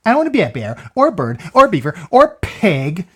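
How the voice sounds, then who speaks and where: Brief: reader putting on a restless young boy bunny, storybook, drawn-out high shouts, lively swoops. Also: breathy edge. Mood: whiny, wishful. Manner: drawn-out, rising shouts on the final animal name. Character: restless young male bunny who keeps switching animals.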